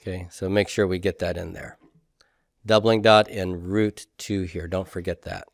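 A man teaching a classroom grammar lecture, patiently quizzing students and repeating forms slowly. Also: low voice, fairly even intonation, creaky, no room sound.

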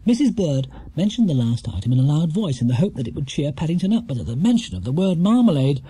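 A man narrating a children's storybook in a lively, expressive way. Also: a little high, fast talker, breathy edge. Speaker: audiobook narrator.

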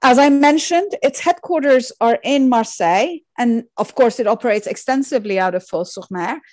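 A woman giving an academic lecture over slides, measured and thoughtful, with frequent fillers and self-corrections. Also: a little high, expressive, darkish tone, no room sound. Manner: measured, many fillers and restarts.

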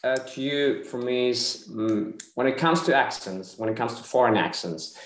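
Polish-accented man with a halting delivery. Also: medium pitch, roomy sound, low-quality recording. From Poland. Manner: halting, searching for words. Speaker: actor asking a question.

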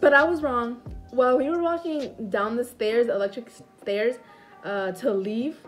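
A woman's voice: fairly high pitch, moderate pace, soft background music. A young woman telling stories in a casual question-and-answer vlog, rambling with lots of "like" and swearing freely. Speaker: vlogger. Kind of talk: casual Q&A story time.

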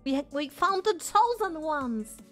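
High-voiced woman chatting on a stream. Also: a little slow, over loud music. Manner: chatty and excitable, swears casually. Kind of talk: casual live-stream chat with viewers.

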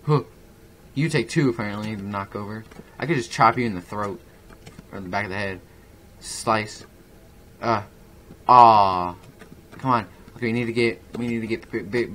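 A young man giving casual, rambling gameplay commentary, self-mocking with excitable bursts. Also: fairly low pitch, slight background noise. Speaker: gaming YouTuber.

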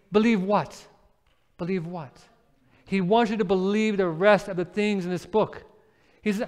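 High, smooth-voiced man preaching in a reverberant church. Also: measured pace, pauses often. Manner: animated storytelling, acts out everyday scenes and voices, asks the listeners questions. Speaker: presenter of a church Bible series. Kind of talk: sermon. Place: church sanctuary. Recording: long reverb of a church hall.

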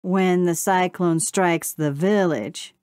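A woman's voice: lowish voice, takes it slowly, a little mellow, smooth, dry recording, clean studio sound. A woman voicing a lazy teasing beaver.

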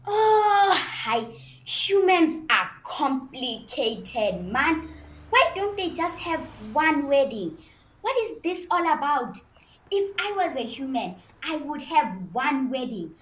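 A woman voicing an excitable, curious dog friend with a playful manner. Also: sits high, takes it slowly, pitched above the performer's own voice, exaggerated voice. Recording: roomy sound with faint noise.

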